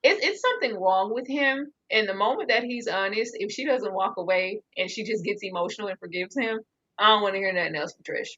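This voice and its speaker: A woman co-hosting a reality show breakdown, ranting with animated disbelief in casual chat. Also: medium pitch, fairly quick, dull audio. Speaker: co-host reviewing a reality show.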